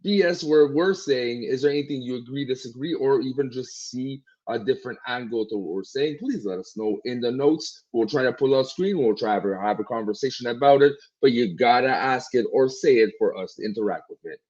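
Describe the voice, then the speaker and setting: A man's voice: medium pitch, fairly quick, hardly any pauses, darkish tone. A man co-hosting a podcast, thoughtfully giving his take and inviting the audience to comment. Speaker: podcast co-host. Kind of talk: casual album review chat. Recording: slightly dull lo-fi audio.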